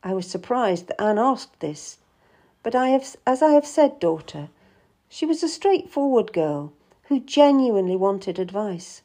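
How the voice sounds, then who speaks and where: Slow, gentle woman storyteller. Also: mid-range voice, very animated. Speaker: audiobook reader. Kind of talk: first-person storybook narration.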